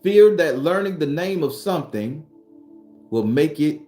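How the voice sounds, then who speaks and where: A man's voice: on the high side, lively intonation, unhurried, warm tone, reverberant, soft background music. A man giving a blunt, profane motivational talk as a spiritual vlogger and tarot reader. He preaches in repeated phrases. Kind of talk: casual motivational monologue. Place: sitting behind his home studio.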